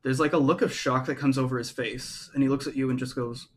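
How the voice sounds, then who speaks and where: A man's voice: medium pitch, steady tone, fast, few pauses, a little hiss or hum. A man narrating as game master, rambling and loose with many fillers.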